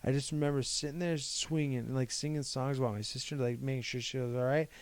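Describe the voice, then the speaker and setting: A man's voice: medium pitch, fairly even intonation, quick pace, clear, resonant tone. A young man from Ohio co-hosting a podcast, telling a long personal story in a rambling way and quoting what other people said. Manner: rambling, retells events by quoting people's words. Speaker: podcast co-host. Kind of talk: casual chat, personal storytelling.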